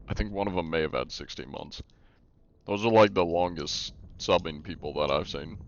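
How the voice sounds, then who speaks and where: Low-voiced man streaming casually. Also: lo-fi sound. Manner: rambling, many fillers and restarts; reads and answers chat. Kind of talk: casual live-stream chat while gaming.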